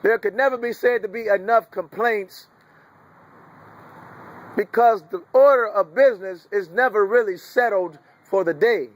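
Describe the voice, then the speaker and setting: Man, high voice, rambling preachy monologue, coarse and wandering. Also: measured pace. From United States.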